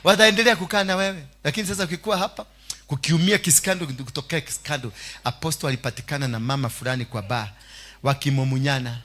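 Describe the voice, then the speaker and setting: A Kenyan man preaching a sermon as pastor, shouting and laughing with the congregation. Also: a little high, fast talker.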